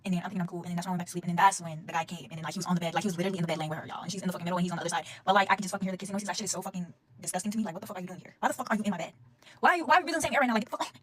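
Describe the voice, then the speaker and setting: Woman, very fast delivery, profane, exasperated, casual storytime. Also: lowish voice, slightly rough, dry recording.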